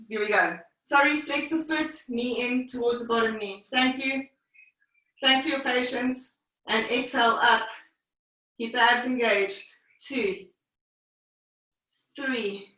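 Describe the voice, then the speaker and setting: A woman pilates instructor leads a live online class, counting reps and calling breaths in short, unhurried phrases. Her voice sits a bit high and she sounds a little winded. She is heard from across a strongly echoing room. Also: a bit bright. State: slightly out of breath. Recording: very echoey room, voice far from mic.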